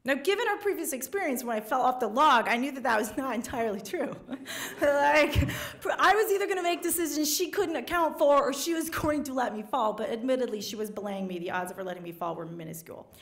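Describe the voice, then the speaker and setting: A woman reporter telling a self-deprecating story on stage before a live audience, animated and acting out the quotes. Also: sits high, quick pace.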